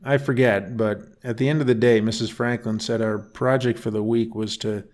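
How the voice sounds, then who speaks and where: Calm man reading a bedtime story. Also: lowish voice, moderate pace.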